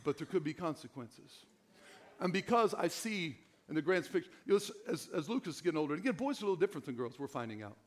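A middle-aged man pastor preaching a sermon in an animated, joking way. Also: on the high side, fast talker.

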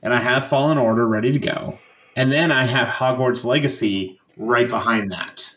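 A man's voice: medium pitch, normal speed, a bit bright, reverberant. A man co-hosting a podcast in casual chat, joking and swearing freely. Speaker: podcast co-host.

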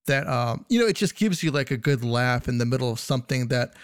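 A man's voice: medium pitch, expressive, brisk, clean tone, no echo, studio quality. A man co-hosting a casual podcast, easygoing and leaning on filler phrases. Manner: easygoing, many "you know" fillers. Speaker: podcast co-host. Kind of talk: casual hockey podcast chat.

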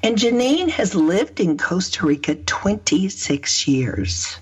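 Woman, radio host, husky allergy voice, slow, effusive chat. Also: on the low side, very animated, rough recording. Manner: chatty and effusive, with drawn-out emphasis. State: voice lowered and husky from pollen allergy. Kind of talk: casual hosting chat.

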